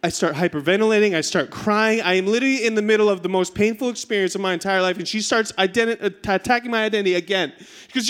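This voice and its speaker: A man in his thirties preaching a sermon in church, telling a comic story with lots of energy before turning to his message. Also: fast talker. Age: 30s. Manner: animated storyteller, rising to high excited pitch in punchlines. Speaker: pastor. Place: church stage.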